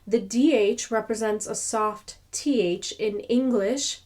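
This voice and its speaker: A woman teaching pronunciation, repeating each sound slowly to demonstrate it. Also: medium pitch, darkish tone. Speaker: language teacher. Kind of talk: slow pronunciation lesson.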